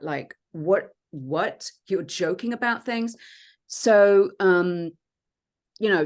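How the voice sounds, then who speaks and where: A woman, a podcast guest, telling her own story in an earnest, reflective way with many pauses and fillers. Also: low-pitched. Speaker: podcast guest, transformation coach. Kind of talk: personal storytelling in conversation.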